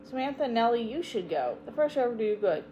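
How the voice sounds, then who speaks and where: A woman reading a storybook, voicing a kind, motherly aunt who speaks softly and fondly. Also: a little high, sing-song, fast talker, a little hiss or hum, voice pushed up, low-quality recording. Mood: gentle. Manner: gentle, soft, fondly teasing.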